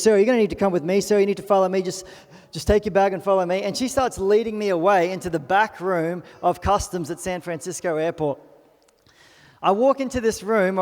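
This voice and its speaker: Young Australian male pastor, chatty storyteller, raised pitch, big-hall echo. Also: a little mellow. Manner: chatty storytelling with self-deprecating asides. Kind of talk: sermon. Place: church auditorium. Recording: long hall reverb.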